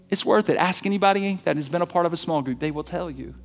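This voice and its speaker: Guy preaching a sermon, high voice, tells stories super animated and chatty. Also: quick pace, few pauses, faint music behind. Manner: animated storytelling, conversational. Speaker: pastor.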